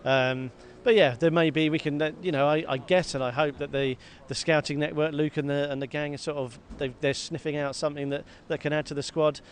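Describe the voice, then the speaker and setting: A man co-hosting a football podcast, talking in a lively, self-mocking way and often repeating words. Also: a little high, fairly quick, few pauses. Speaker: podcast co-host. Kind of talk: casual football chat. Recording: faint background noise.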